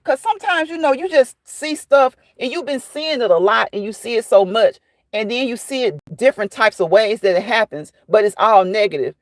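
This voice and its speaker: A woman's voice: on the high side, animated, a little fast, no room sound. A woman hosting a casual livestream, chatting and fussing while she answers viewers by name. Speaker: livestream host reading chat.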